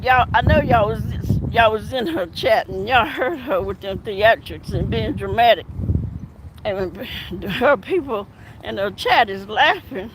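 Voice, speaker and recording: A woman and former detective giving casual commentary on an outdoor walk, her mouth numb from dental work, talking in a drawl with laughing asides. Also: fairly high pitch. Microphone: phone. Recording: loud outdoor background noise.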